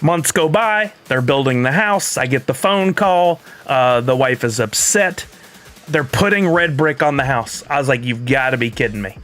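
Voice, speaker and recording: A man's voice: medium pitch, normal speed, fairly bright tone, soft background music. A middle-aged man hosting a stream, telling a story in casual chat and acting out both sides of the conversation. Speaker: streamer host.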